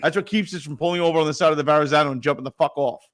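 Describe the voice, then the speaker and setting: A man's voice: a little high, very fast, fairly bright tone. A man co-hosting a casual sports podcast, going off on profane comic rants. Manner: profane, ranting comic riffs. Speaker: podcast co-host.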